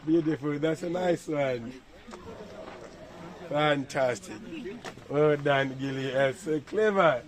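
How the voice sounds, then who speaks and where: A man's voice: a little high, slow pace, pauses often, low-quality recording. A man guiding visitors around an elephant sanctuary outdoors, praising their photos and explaining the animals in an encouraging way. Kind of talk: live guided tour commentary. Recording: outdoor crowd chatter in background. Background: visitors chatting nearby.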